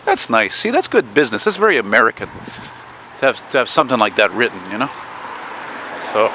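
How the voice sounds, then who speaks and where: A man's voice: medium pitch, big pitch swings, brisk, pauses often, bright, forceful tone. Guy rambling and cussing on his walking vlog, cars going by. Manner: rambling, swears often, chats to viewers. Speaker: vlogger. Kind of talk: casual walking vlog narration. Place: outdoors on a city street at dusk. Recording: street noise and passing cars. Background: street traffic.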